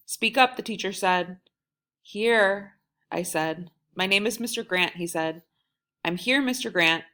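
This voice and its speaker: A woman reading a novel aloud in a wry first-person storytelling manner, lively when voicing the quoted lines. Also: lowish voice. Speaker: audiobook reader.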